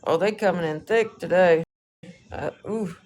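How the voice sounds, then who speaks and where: A woman's voice: on the low side, a little slow, a little mellow. A woman chatting casually on a livestream, brushing off trolls with a laid-back, dismissive, swear-heavy manner.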